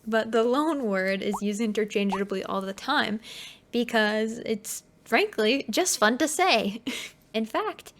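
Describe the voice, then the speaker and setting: A woman hosting a commentary video, talking casually and bluntly, swearing and laughing as she explains. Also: fairly high pitch.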